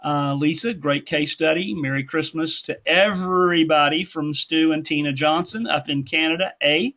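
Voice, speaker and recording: A man's voice: fairly high pitch, steady tone, moderate pace, bright, forceful tone. Man rambling through a lo-fi teaching call. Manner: rambling, self-correcting, folksy. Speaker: instructor hosting a group call. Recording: dull lo-fi call audio.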